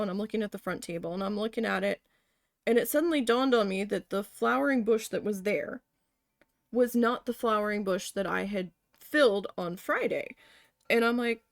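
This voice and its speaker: A woman's voice: mid-range voice, normal speed, creaky, long pauses, no room sound, clean studio sound. A woman telling a story about her job in a casual way while she paints, acting out what she and her boss said. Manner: animated retelling, acting out her boss and her own panic. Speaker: painting livestreamer.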